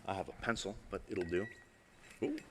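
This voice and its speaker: A man's voice: low-pitched, normal speed, noisy background. A man giving a live stage talk as an illusionist presenter, playful and conversational, often asking the audience questions. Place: large hall with live audience. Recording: long hall reverb.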